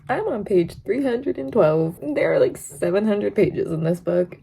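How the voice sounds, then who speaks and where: A woman's voice: medium pitch, expressive, measured pace, vocal fry, few pauses, dark tone, a little hiss or hum. A young woman vlogging her reactions while reading, chatty and emotional, tearful and laughing often. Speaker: book vlogger. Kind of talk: casual reading vlog reactions.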